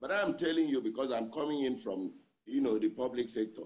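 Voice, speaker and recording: A man's voice: medium pitch, brisk, darkish tone. A man with a Nigerian accent, a labour union leader answering a news interviewer by remote line, repeating his points for emphasis.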